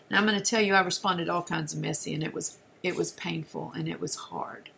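Middle-aged woman with a fairly low voice, sharing an earnest testimony, sometimes sinking to a near-whisper. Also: vocal fry, slight background noise. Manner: earnest, with frequent restarts and soft dips to near-whisper. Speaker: speaker sharing a personal testimony. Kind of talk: personal testimony storytelling.

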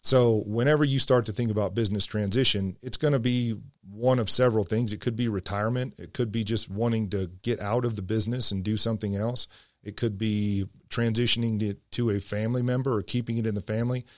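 A man with a fairly low voice explains business planning in a measured, steady way. The sound is dry and close to the mic. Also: no room sound. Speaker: financial advisor. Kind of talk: scripted radio segment.

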